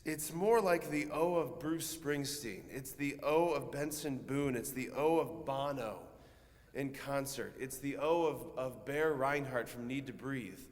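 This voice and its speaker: A male priest gives a homily in a long-echoing church, chatting easily with the congregation. He uses a mid-range voice and swells into loud, stretched-out emphasis on key phrases. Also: mid-range voice, a little slow. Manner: conversational, asks the congregation questions. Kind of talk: sermon.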